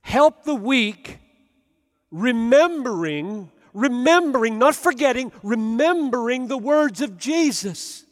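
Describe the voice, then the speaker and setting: A man delivers a sermon in a notably high voice, speaking slowly and deliberately. He is earnest and emphatic, often sinking into soft, low passages. His voice carries the long reverb of a large hall. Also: expressive. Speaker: preacher.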